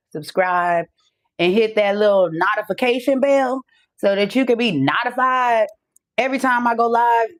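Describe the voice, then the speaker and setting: A woman in her forties hosting a casual live podcast, out of breath, chatting loosely. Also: medium pitch. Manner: loose, chatty, swears and laughs easily. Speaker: podcast host. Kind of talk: casual live-stream chat.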